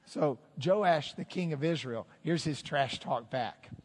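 A man preaching a sermon as pastor, telling the story with lively, animated delivery and acting out the quotes. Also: on the high side, slow, long reverb tail. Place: church sanctuary.

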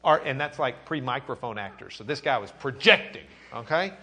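A man teaching an animated classroom lecture in a conversational, lively way, acting out quotes. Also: medium pitch, normal speed.

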